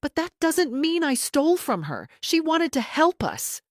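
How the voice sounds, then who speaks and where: A woman's voice: sits high, big pitch swings, unhurried, no echo, clean studio sound, pitched above the performer's own voice. A woman voicing a middle-aged daughter on the witness stand, pleading and defensive as her voice breaks. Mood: distraught.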